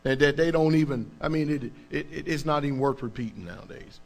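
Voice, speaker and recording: A pastor preaching with emphasis, his voice sitting slightly high for a man. He talks in plain colloquial speech and keeps asking the congregation whether they follow him. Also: quick pace, faint music behind. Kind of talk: preaching sermon.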